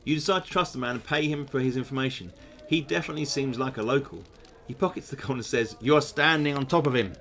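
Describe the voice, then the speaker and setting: A man's voice: mid-range voice, fast talker, a bit bright, slight background noise. A man, hosting a gamebook session, reading aloud and chatting in musing asides. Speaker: host playing a gamebook.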